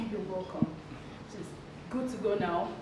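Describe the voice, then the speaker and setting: An actress playing a hospital doctor, calm and reassuring, with a Nigerian English accent. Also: female voice, mid-range voice, takes it slowly, natural voice. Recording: echoey room with noise.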